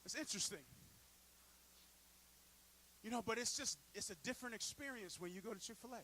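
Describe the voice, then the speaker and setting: A man preaching a sermon in a church, telling stories and building up to loud peaks. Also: sits high, fairly quick, a little hiss or hum, rough recording. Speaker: pastor. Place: church sanctuary.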